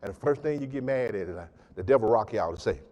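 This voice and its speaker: A man pastor preaching a sermon with emphatic call-and-response delivery, swinging between loud and soft. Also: fairly low pitch, lively intonation, fast. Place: church sanctuary. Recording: church hall with long reverb.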